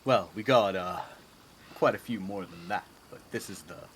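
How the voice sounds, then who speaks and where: A man's voice: sits low, normal speed, fairly bright tone, slight background noise. A man playing a tabletop game, talking casually and hesitantly with many fillers. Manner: hesitant, filler-heavy planning talk. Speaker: player. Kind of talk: casual chat.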